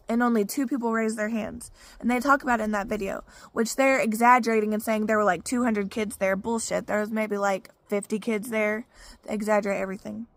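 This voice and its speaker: A vlogger from Arkansas, US, tells her own story in a frank, profane casual testimony packed with "you know" fillers. Her medium-pitched voice holds a steady tone and moves fairly quickly, and the recording is dry.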